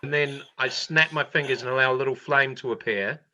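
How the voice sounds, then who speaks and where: A man's voice: mid-range voice, a little fast, sharp tone, low-quality recording. A man playing a character in a tabletop game, casual and dry. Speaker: player. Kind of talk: tabletop role-play.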